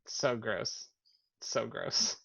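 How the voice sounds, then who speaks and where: A man's voice: mid-range voice, fairly even intonation, very slow, gravelly, a bit bright. A man co-hosting a podcast, talking casually and getting sidetracked as he reads out scenes, laughing often. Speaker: podcast co-host. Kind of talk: casual chat, reading out subtitle dialogue. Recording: muffled lo-fi audio.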